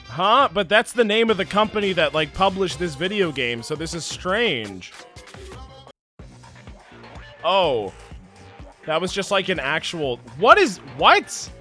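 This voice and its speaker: A man streaming a video game, commenting and reading along in an excitable, jokey way. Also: high voice, a little slow, faint music behind. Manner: excitable, jokey, trails into mumbles. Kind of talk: gameplay commentary and reading aloud.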